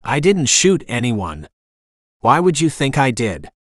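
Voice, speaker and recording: Defensive small-town cop, hoarse and grumbling, a male narrator doing him. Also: mid-range voice, sing-song, a little slow, no room sound, clean studio sound.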